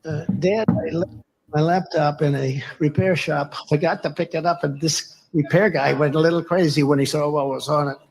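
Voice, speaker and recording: A man impersonating an elderly male president, telling a folksy joke in a slow, mumbling old-man voice. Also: fairly high pitch, steady tone, vocal fry, poor audio.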